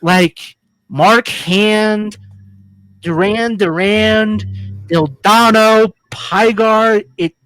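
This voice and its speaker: A woman's voice: medium pitch, drawn-out words, a bit bright, no room sound, faint music behind. A woman co-hosting a film review podcast, talking casually in a rambling, jokey, crude way with many restarts. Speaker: podcast co-host.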